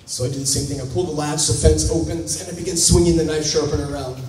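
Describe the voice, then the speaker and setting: A man with a high voice tells a comic story from the stage, animated and poking fun at himself as he acts out each moment. The sound comes from a distance in a big echoing hall, with a faint hum of room noise underneath. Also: fast talker. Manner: animated, self-mocking, acts out scenes. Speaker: conference speaker. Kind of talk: comic storytelling talk to a live audience. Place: large conference hall. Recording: echoey hall, voice picked up from a distance.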